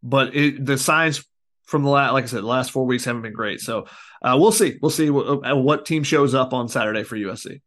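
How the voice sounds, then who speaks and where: Male co-host for a sports chat, middle pitch, relaxed and easygoing delivery. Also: brisk. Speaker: podcast co-host, sports reporter. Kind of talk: casual sports podcast chat.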